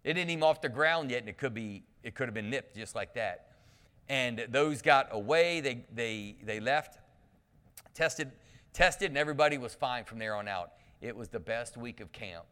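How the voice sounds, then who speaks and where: A man's voice: medium pitch, moderate pace, clear, resonant tone. Male pastor preaching in an echoing church. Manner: lively storytelling with humor and call-outs to the congregation. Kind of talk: sermon. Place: church sanctuary. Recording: long reverb of a church hall.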